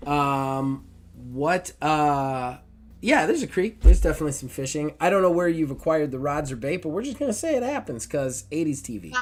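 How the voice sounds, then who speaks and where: Jokey game master narrating. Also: male voice, a little high, expressive, moderate pace, darkish tone.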